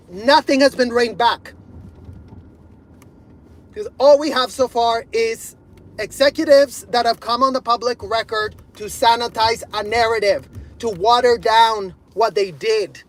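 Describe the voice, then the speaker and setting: A man ranting to camera in fury, swearing heavily, repeating his points and bursting into shouts. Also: very high-pitched, a little slow, poor audio. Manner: furious, profane, repeating himself, bursts of shouting. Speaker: video creator. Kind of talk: angry rant to camera.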